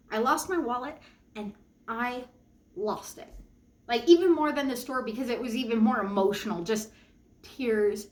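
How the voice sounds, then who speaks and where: A young woman talking straight to her audience in an animated, emphatic way, jumping into high quoted exclamations. Her voice sits fairly high. The room around her is echoey. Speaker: vlogger. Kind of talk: personal storytelling monologue.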